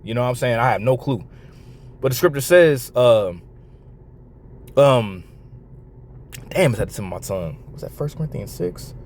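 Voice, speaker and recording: A man reacting to a video clip, quoting scripture slowly and swearing bluntly. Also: mid-range voice, animated, a little mellow, a little hiss or hum. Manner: blunt, swears freely, reads verses slowly. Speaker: commentator.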